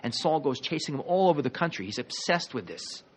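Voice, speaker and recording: A man teaching a history class as a rabbi, telling the story in a lively, conversational way with jokey asides. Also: a little high, brisk.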